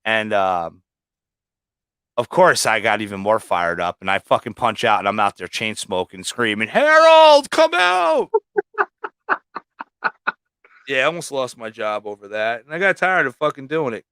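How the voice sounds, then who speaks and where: A man's voice: on the low side, normal speed, sharp tone, clean tone, no room sound. A man who is a guest on a livestream, telling long rambling stories full of swearing in a casual way. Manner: rambling, heavily profane storytelling. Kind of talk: casual storytelling.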